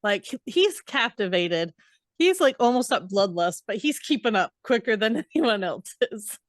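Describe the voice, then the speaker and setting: A woman's voice: medium pitch, big pitch swings, normal speed, dry recording, clean studio sound. A woman co-hosting a book podcast, recapping chapters in a chatty, hesitant way full of asides. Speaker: podcast co-host. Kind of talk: casual book recap chat.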